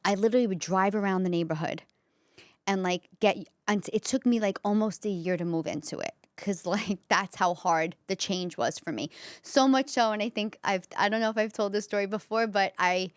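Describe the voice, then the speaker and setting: A woman's voice: mid-range voice, moderate pace, clean tone, dry recording, studio quality. Chatty Bronx-accented woman comedian. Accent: New York (Bronx). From the Bronx, New York. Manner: chatty storytelling, many fillers. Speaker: comedian and podcast host. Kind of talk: candid solo podcast monologue.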